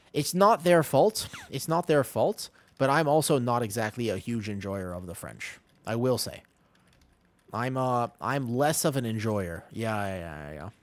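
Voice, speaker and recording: A man's voice: mid-range voice, no room sound. A man streaming a game, chatting casually with his chat, joking and answering questions.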